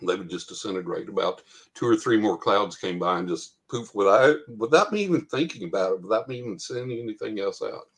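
Gravelly low-voiced man. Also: animated, brisk. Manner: storytelling, laughs often. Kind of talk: casual chat about spirituality.

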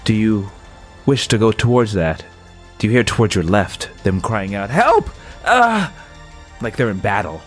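A man narrating as game master of a tabletop game, slow and atmospheric, with restarts. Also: lowish voice, soft background music.

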